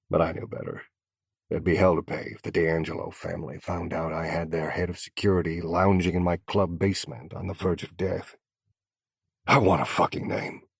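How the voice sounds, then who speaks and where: A man's voice: sits low, vocal fry, darkish tone, husky, no room sound, studio quality. A man narrating a first-person crime story in scripted audiobook style, with a menacing, growling delivery.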